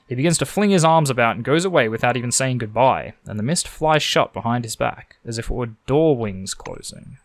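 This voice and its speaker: A man's voice: medium pitch, lively intonation, fairly quick, few pauses. An Australian man reading a story game's text aloud and making sarcastic jokes between lines. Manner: sarcastic, joking. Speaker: game streamer.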